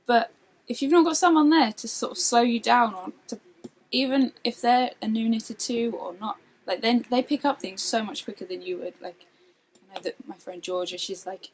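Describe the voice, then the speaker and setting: A woman hosting a knitting podcast, chatting casually and telling animated stories with frequent laughter. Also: a little high, normal speed, a little hiss or hum, rough recording. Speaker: podcast host. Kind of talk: casual chat.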